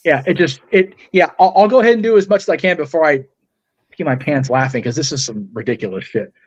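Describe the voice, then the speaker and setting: A man's voice: a little high, fast, dull audio. A man chatting casually before and after his karaoke turn, mocking himself with profane jokes. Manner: profane, laughing self-mockery. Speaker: karaoke singer. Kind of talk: casual chat.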